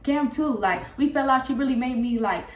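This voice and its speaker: A young woman telling a casual storytime vlog, recounting a falling-out in a candid, profane and animated way. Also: sits high, a little fast, background noise. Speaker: vlogger. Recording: roomy echo.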